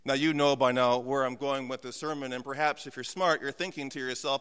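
A man preaching a sermon as pastor from a church pulpit, telling humorous, self-mocking stories and dropping to slow, hushed emphasis. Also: mid-range voice, clean tone. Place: church sanctuary. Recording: long church hall reverb.

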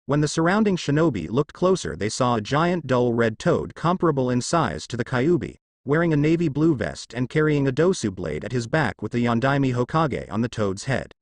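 Man narrating with a lively pitch. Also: moderate pace, few pauses, no echo. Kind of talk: fanfiction audiobook reading.

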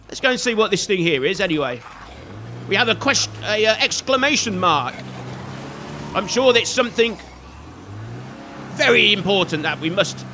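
Man, high bright voice, playful running commentary over gameplay, banters at enemies. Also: slight background noise. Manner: chatty, jokey, scolds enemies on screen. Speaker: gaming video host. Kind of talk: let's play commentary.

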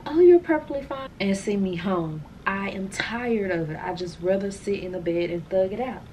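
A woman's voice: mid-range voice, steady tone, moderate pace, a little mellow, slight background noise. A woman vlogger chatting casually to the camera, rambling and calling her viewers y'all.

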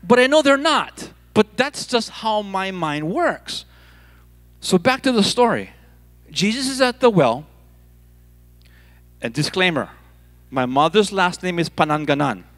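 A man from Hawaii preaching a sermon on a church stage, telling the story in a playful, animated way and repeating words as he goes. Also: high-pitched, unhurried, long pauses. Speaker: pastor.

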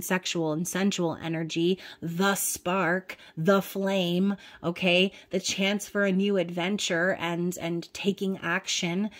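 A woman giving a casual, chatty tarot reading, talking straight to the viewer, blunt at times and often checking in with "okay?". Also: on the low side. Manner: chatty, peppered with "okay?" and fillers. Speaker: tarot reader.

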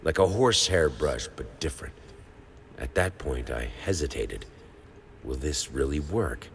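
A man's voice: a bass voice, animated, measured pace, vocal fry, heavily acted. A man voicing an obsessive painter in a video game, narrating his memories as a brooding, hesitant inner monologue. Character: haunted, obsessive painter recalling his descent.

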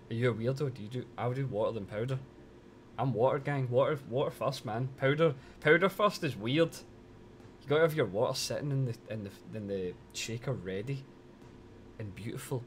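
A man's voice: mid-range voice, slight background noise. Teasing, foul-mouthed streamer guy. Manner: teasing, swears a lot, rambling. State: cold. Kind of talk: casual live-stream chat.

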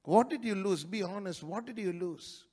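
High-voiced preaching man. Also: husky. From India. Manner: preaching with sudden loud rises and quick asides. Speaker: pastor. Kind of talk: sermon. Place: church.

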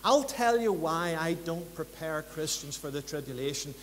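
A man preaching a sermon in church, building to emphatic rhythmic repetitions and then dropping low and quiet. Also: expressive, normal speed. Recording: church hall reverb, faint hum.

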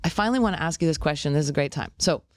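A woman's voice: deep voice, rapid-fire, dry recording, clean studio sound, soft background music. A woman guest who owns a martial arts gym, telling stories in a casual interview and laughing easily. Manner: lively storyteller, laughs easily. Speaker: podcast guest, jiu-jitsu gym owner and coach.

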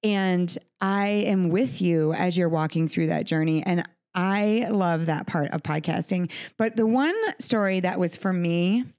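A woman host speaks in a heartfelt, earnest way in a studio conversation. Her voice sits a little low for a woman. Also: measured pace, few pauses, darkish tone. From United States. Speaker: podcast host. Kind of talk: emotional interview conversation. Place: recording studio.

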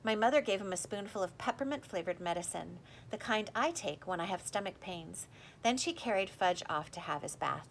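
A woman reading a children's story aloud in a lively, expressive way. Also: medium pitch, a little fast, gravelly, a little hiss or hum. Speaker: audiobook reader. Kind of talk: storybook narration with character voices.

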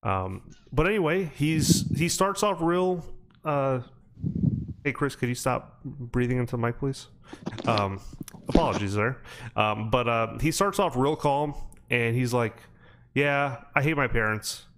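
A man's voice: medium pitch, expressive, unhurried. Male podcast host, casual storyteller, loose and rambling. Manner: rambling storytelling with many fillers. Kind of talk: casual chat.

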